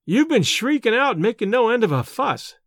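Male reader voicing a high, anxious young scholar; fretful, lively lines for a storybook. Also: brisk, no room sound, studio quality, heavily acted. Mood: reproachful. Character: shaken young male scholar, nervous and overwrought.

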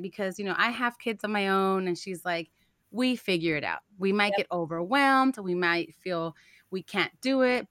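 A woman's voice: medium pitch, fairly bright tone, smooth, dry recording, studio quality. A young adult woman from a Mexican-American family, co-hosting a parenting podcast and telling stories in casual chat, slipping in Spanish phrases. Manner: chatty storytelling, mixing in Spanish phrases. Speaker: podcast co-host.

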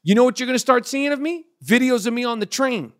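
A man in his fifties hosting a podcast, ranting loudly with lots of swearing in casual chat. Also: very high voice, quick pace. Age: 50s. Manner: loud, profane and ranting. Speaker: podcast host.

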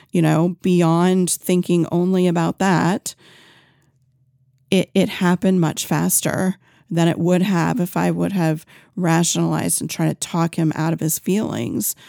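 A woman speaks slowly and earnestly in a low, gravelly voice, giving parenting advice. Her tone is mellow and dark, and the recording is close and dry. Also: dry recording. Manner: earnest, unhurried, with frequent ums and restarts. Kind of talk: instructional parenting talk.

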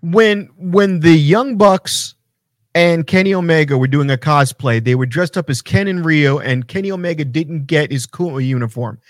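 A man with a notably high voice, rants about wrestling in a casual talk show, swearing freely and getting worked up. The sound is dry and close, with no room around it. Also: moderate pace, no room sound. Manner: animated, profane ranting. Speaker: podcast co-host.

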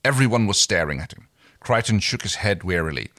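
A man's voice: lowish voice, animated, fairly quick, bright, forceful tone, no room sound, clean studio sound. A man co-hosting a podcast, narrating a novel and chatting agreeably. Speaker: podcast co-host reading aloud. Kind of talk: scripted narration and casual chat.

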